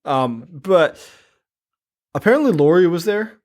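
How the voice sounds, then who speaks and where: A man's voice: a little high, sing-song, unhurried, a little mellow. A man co-hosting a podcast, chatting with wry sarcasm and frequent laughter. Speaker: podcast co-host. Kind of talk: casual chat recapping a movie.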